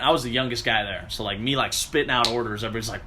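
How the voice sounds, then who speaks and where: A man telling a story in a casual, animated way, swearing often and acting out what people said. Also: medium pitch, rapid-fire. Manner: animated, profane, acts out quotes.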